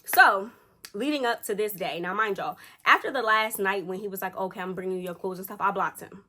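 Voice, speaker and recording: Telling a casual story at home, this young vlogger acts out what the people in it said, staying chatty and animated. She has a mid-range voice and a brisk delivery.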